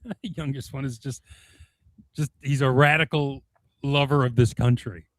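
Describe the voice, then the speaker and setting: A man's voice: medium pitch, steady tone, normal speed, fairly bright tone, dry recording. Chatty middle-aged man co-hosting a podcast. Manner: chatty storyteller, laughs at own jokes. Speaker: podcast co-host. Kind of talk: casual political chat.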